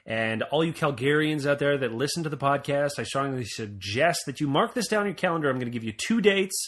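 A man from Montreal co-hosting a casual podcast, telling stories with jokes and lively asides. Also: a little high, fairly quick. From Montreal, Canada. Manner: joking, animated storytelling. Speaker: podcast co-host.

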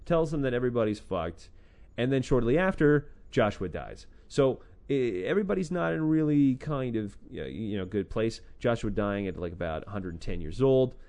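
Retelling a scripture book on his podcast, this man speaks at normal speed in a mellow, medium-pitched voice with lively intonation, mixing sarcasm and profanity into irreverent stories and performing the quotes.

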